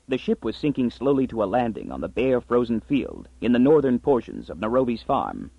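A man narrating a story in an expressive, scripted reading. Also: medium pitch, brisk, vocal fry, hardly any pauses, slightly rough, no echo. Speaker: audiobook narrator. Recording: dry, slightly muffled audiobook.

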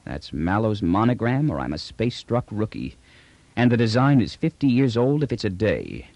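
A man's voice: fairly low pitch, sing-song, normal speed, darkish tone, dry recording. A man doing a brash, blunt space trader. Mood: wry. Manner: blunt, wheedling street talk.

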